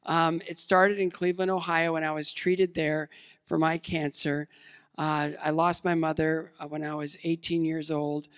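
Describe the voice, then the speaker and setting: A man's voice: on the high side, level tone, moderate pace, a bit bright, clean tone. A man in his fifties from the United States giving a motivational keynote talk, casual and self-deprecating, with many fillers and restarts. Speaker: keynote speaker. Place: large event hall. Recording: long hall reverb.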